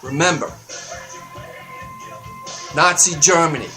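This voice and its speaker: A man delivering a heated, profane talk-radio rant, getting louder and higher as he stresses his points. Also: slow pace, soft background music. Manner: heated, profane, emphatic ranting that climbs in pitch and volume. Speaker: radio show segment contributor. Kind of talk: ranting talk-radio monologue. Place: radio studio.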